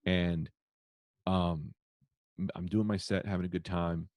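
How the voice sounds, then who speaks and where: Brief: male comic guest, lowish voice, animated and profane, dry close mic. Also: measured pace, dry recording. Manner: profane, animated, acts out shouted quotes. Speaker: comedian guest. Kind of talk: storytelling in casual podcast chat.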